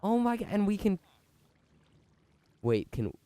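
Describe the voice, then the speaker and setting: A man who is sick with a fever and sore when he talks, rambling excitedly as he explains a build in a gameplay commentary. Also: high-pitched, unhurried, a little hiss or hum. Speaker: video game commentator. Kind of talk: let's-play gameplay commentary.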